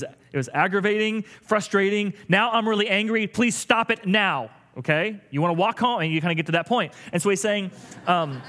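A man's voice: high voice, fairly bright tone. A middle-aged man preaching a conversational sermon as a pastor, often repeating words while thinking aloud.

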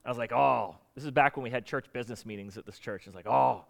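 A man's voice: medium pitch, expressive, racing, vocal fry, few pauses, a bit bright. A middle-aged man, a pastor from the United States, preaching a conversational sermon and acting out quoted voices.

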